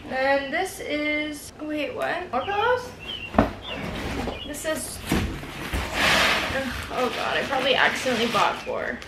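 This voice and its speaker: A young woman in her twenties, talking casually through an apartment vlog. She rambles candidly and uses "like" constantly. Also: sits high. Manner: rambling, heavy use of "like", candid. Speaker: vlogger. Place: apartment, indoors. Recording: echoey room with background noise.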